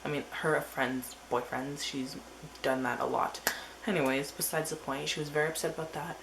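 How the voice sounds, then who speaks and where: A woman's voice: low-pitched, level tone, normal speed, gravelly, noisy background. A teenage girl telling a rambling story in a casual diary vlog, full of "like" and quoted asides. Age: teens. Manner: rambling, filler-heavy storytelling. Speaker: vlogger.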